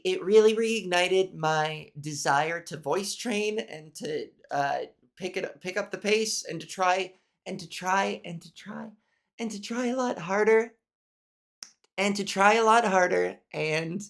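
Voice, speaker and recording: A woman hosting a solo podcast, talking frankly with a nasal voice and plenty of swearing, consciously lifting her voice higher and forward as she talks. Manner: frank, profane, venting with restarts. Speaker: podcast host. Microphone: camera mic angled up from below.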